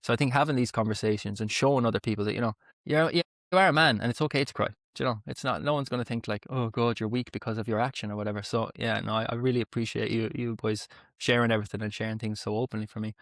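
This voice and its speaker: Young male podcast host, quick and candid, swears freely; dry, close recording. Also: fairly low pitch, fairly even intonation, fairly bright tone, no echo. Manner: open, heartfelt storytelling with swearing. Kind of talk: emotional podcast conversation.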